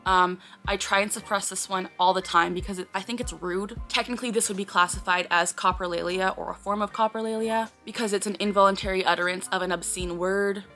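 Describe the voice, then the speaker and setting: A woman's voice: mid-range voice, steady tone, brisk, hardly any pauses, bright, forceful tone, faint music behind. A woman talking casually to camera as a vlogger, earnestly explaining, often breaking off with sudden blurted words and sighs.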